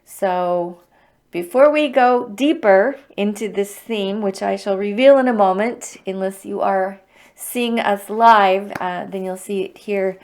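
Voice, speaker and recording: A middle-aged woman hosting a livestreamed EFT tapping circle, speaking in a heartfelt, openly emotional and encouraging way. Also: mid-range voice. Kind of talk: livestream guided tapping talk.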